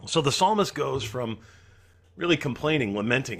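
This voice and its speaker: A man's voice: mid-range voice, lively intonation, moderate pace, vocal fry. A man preaching a sermon as pastor, earnestly acting out the psalmist's pleas.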